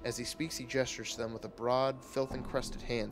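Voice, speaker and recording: A man streaming a game who reads its text aloud in a steady, measured way. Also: mid-range voice, music in the background.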